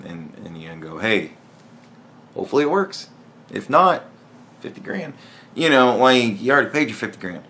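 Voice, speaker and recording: A man rambles through a casual solo podcast monologue, blunt and quick to swear. His pitch swings widely as he talks, and he often restarts his sentences. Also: a bit bright, slight background noise. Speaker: podcast host.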